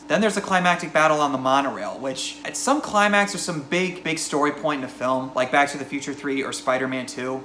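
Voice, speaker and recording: A man's voice: fairly high pitch, brisk, hardly any pauses, bright, forceful tone, roomy sound, slight background noise. A man giving a casual, chatty movie review, now and then mimicking lines from the film.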